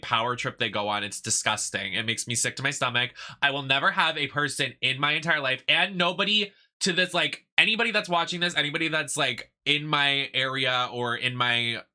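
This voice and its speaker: Sassy, bright-voiced young male streamer. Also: mid-range voice. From United States. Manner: sassy, emphatic, ranting. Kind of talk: casual chat while gaming.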